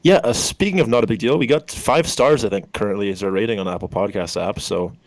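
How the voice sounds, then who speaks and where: A man's voice: on the low side, fast, dry recording, low-quality recording. A man co-hosting a podcast, signing off with upbeat, laid-back banter. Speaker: podcast co-host. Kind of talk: casual podcast sign-off.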